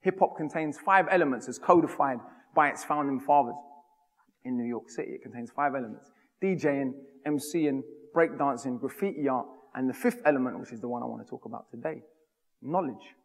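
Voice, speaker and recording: A man's voice: medium pitch, a little fast. Man giving an emphatic talk in a hall. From United Kingdom. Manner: rhythmic, emphatic delivery. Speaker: speaker. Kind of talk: public talk. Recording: long hall reverb.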